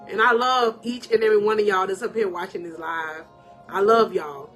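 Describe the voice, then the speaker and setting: Speaking at a moderate pace in a mid-range voice, a woman life coach gives an emotional, animated pep talk on a live stream over faint music. She laughs frequently and addresses her viewers in a preacherly manner.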